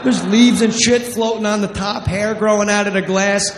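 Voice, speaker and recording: A man's voice: high voice, fairly even intonation, moderate pace, a little hiss or hum. A man from New Jersey doing a brash, profane stand-up comedy routine. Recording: echoey live club with long reverb.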